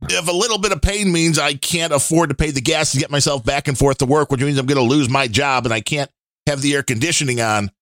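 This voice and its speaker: A man hosting a casual talk show, chatting in an opinionated way with fillers and pauses. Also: fairly high pitch, a bit bright, no room sound, clean studio sound. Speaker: podcast host. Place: Chicago area.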